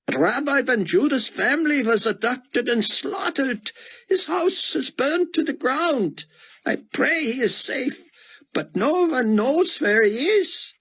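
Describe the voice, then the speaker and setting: A man voicing an elderly male scholar who pleads anxiously in a high, urgent voice. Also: pushed and bright, breathy edge, exaggerated voice, low-quality recording.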